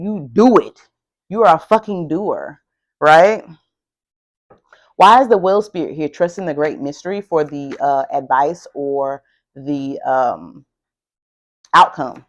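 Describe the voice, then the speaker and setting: A woman giving a casual tarot reading who talks in an excitable, emphatic way and swears a lot. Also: sits low, highs cut off. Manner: excitable, emphatic and heavily profane. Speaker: tarot reader.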